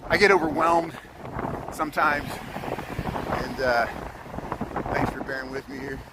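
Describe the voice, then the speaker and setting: Out on city streets on his bike, a man gives live-streamed casual narration in a steady, mid-range voice at a measured pace. He thanks viewers with nervous asides, and the mic picks up wind and traffic.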